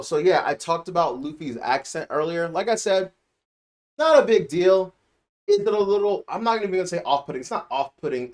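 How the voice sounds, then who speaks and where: A man hosting a casual spoken anime review, rambling and repeating himself for emphasis. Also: medium pitch. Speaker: anime reviewer and channel host.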